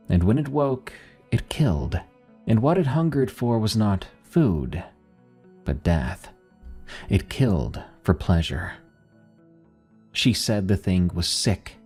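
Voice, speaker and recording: Deep mellow guy reading a scary story, bit raspy, soft music behind. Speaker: horror story narrator. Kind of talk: scripted first-person horror narration.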